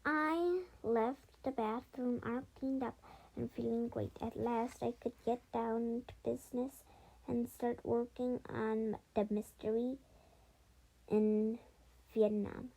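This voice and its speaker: A woman reads a children's chapter book aloud at a slow, careful pace. Her voice is mellow and sits a little high, and she stumbles over words and goes back to fix them. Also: fairly even intonation, creaky, poor audio. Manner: halting reading with frequent slips and self-corrections. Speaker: storybook reader.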